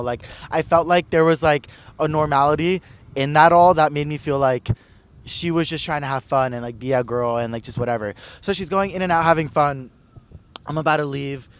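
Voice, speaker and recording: Excitable young man, slightly high voice. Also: clear, resonant tone. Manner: excitable, gossipy, heavy "like" filler. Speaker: podcast host. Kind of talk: casual chat.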